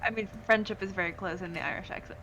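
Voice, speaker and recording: A woman's voice: medium pitch, fast, a bit bright, slight background noise, low-quality recording. Playful woman at a tabletop game. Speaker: player. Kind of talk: casual tabletop play chat.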